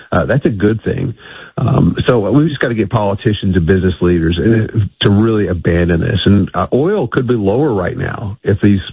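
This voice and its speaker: Deep husky man on a phone line. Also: dry recording. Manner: emphatic, restarts often. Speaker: energy policy guest. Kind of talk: phone-in radio interview.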